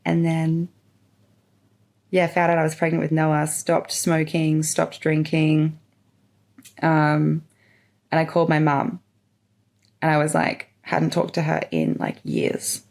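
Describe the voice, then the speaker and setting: A woman's voice: low voice, completely flat delivery, slow, long pauses, a little mellow. A young woman podcast host candidly telling her life story in a rambling, open way, full of fillers. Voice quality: gravelly. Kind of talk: personal storytelling monologue.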